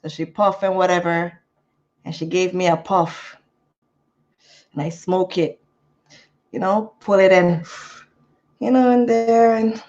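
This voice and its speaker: A woman's voice: mid-range voice, dull audio. A woman telling a story casually in a vlog, repeating phrases and laughing between them. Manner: repetitive, laughing, animated storytelling. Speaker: vlogger.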